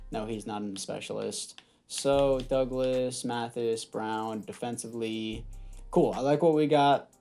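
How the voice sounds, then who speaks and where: A man's voice: mid-range voice, dark tone. A young man giving casual, sarcastic commentary over a sports video game to his viewers, on a headset mic. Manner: offhand, sarcastic, talks to viewers. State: throat catching, clearing throat. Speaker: gaming YouTuber.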